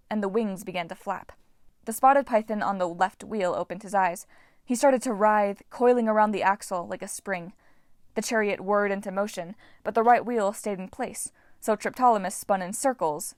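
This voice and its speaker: A woman reading a novel aloud with steady, even narration. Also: mid-range voice, no echo, clean studio sound. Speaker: audiobook reader.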